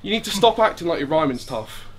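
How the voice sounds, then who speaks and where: A battle rapper in his late twenties performs at a live rap battle before an audience, trading insults in rhymed bars and laughing at his own jokes. His voice is a little high, very animated, and fast, with slight background noise.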